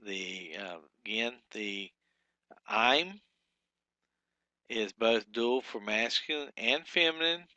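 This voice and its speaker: A man teaching a language lesson, speaking haltingly with many fillers and restarts. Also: on the low side, lively intonation, pushed and bright, no echo, lo-fi sound. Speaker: Hebrew teacher. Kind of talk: lecture with slides.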